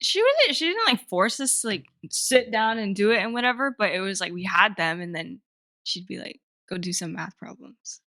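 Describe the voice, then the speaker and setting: A young woman co-hosting a casual podcast chat, giggly and quick to react. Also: medium pitch, very animated, pushed and bright, no room sound, clean studio sound. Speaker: podcast co-host.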